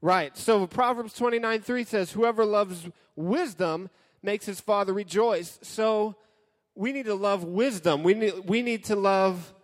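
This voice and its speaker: A man giving a casual, joking sermon as a youth pastor, talking straight to his audience. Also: high-pitched. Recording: hall with long reverb.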